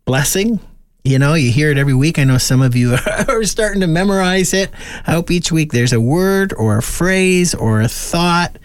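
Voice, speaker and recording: Man, radio host, gentle, earnest, dry close studio sound. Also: mid-range voice, smooth, no echo. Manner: gentle, earnest, laughs easily. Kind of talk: warm radio talk and benediction.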